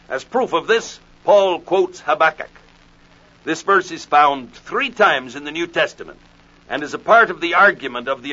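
A man delivers a measured expository sermon, reading old-fashioned scripture with care. His voice sits a bit high and comes across bright and forceful. The recording is dull and lo-fi. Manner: measured, deliberate, reads scripture in King James wording. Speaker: preacher.

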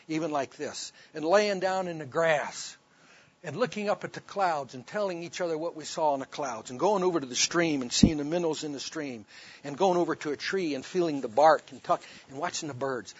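A man's voice: a little high, breathy edge. A man preaching, telling a personal story in an emphatic sermon testimony, on a dull lo-fi recording.

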